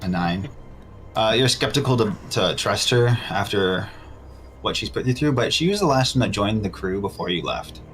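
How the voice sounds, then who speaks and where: Brief: deep-voiced game master narrating loot and scenes. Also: male voice, animated, moderate pace, a bit bright, faint music behind.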